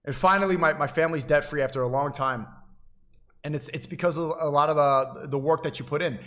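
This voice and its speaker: A man streaming live and lecturing his chat in a preachy, insistent way. His voice sits a little higher than most men's. He keeps circling back, repeating and restarting phrases as he pushes his point. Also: fairly quick, a bit bright. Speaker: livestreamer addressing chat. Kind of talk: livestream monologue.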